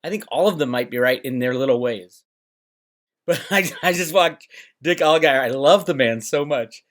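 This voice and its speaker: A man's voice: a little high, normal speed, a bit bright. A middle-aged man hosting his own channel, talking in a rambling, sarcastic monologue and mocking others in put-on voices. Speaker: channel host. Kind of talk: casual monologue to camera. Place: home, Northern California.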